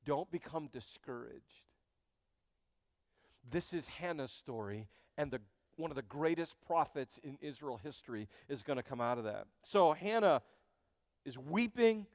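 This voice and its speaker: A man preaching a sermon as pastor, animated and joking, speaking straight to his congregation in a church. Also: a little high, a little slow, no echo, clean studio sound, long reverb tail. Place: church sanctuary.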